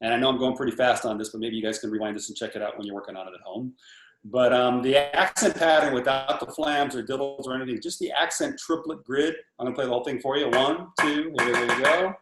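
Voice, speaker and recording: A man in his sixties giving a casual drum lesson over a video call, animated and counting off patterns as he explains them. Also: mid-range voice, fast, echoey room, background noise. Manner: animated, talks through patterns while counting off. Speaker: drum instructor.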